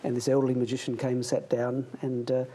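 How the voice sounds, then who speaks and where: A man's voice: mid-range voice, monotone, fairly quick, mellow, a little hiss or hum. A middle-aged Australian man from Adelaide, a magician guest, chatting casually and laughing through his anecdotes. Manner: playful, laughs while telling anecdotes. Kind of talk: casual chat.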